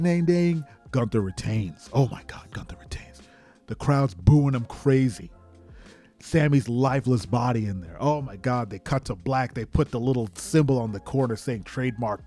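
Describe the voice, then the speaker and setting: An excited man hosts a podcast and narrates play-by-play in an ordinary, mid-range voice. He bursts into shouted sound effects as he goes. Faint music plays behind him. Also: mid-range voice. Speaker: podcast host.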